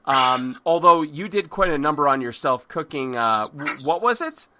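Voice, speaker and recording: A man's voice: a little high, animated, normal speed, noisy background. A man hosting a podcast over a phone call, joking loosely with his guest, often stammering and restarting his sentences, with the odd swear. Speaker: podcast host. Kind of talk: casual interview hosting.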